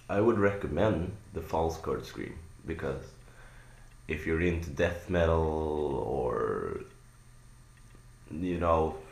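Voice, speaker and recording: A man's voice: very deep voice, creaky. A young man explaining metal screaming technique in a casual, rambling way full of fillers and restarts, recorded on a home mic in an echoey room. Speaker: vocal tutorial maker. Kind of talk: casual spoken tutorial.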